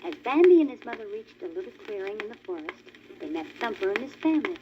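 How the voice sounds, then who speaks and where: Lively woman reading a storybook record. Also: mid-range voice, fast. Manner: clear, animated reading aloud. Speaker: story reader. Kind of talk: scripted storybook narration. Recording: dull crackly old vinyl record.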